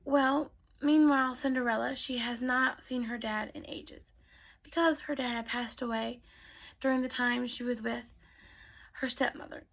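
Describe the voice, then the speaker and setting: A woman telling bedtime stories to children in a soft voice that often drops to a whisper. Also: a little high, fairly even intonation, moderate pace, gravelly. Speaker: storyteller. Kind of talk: bedtime storytelling.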